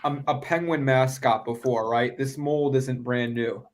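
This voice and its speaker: Mid-pitched easygoing man on a livestream. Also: steady tone, measured pace. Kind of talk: casual chat.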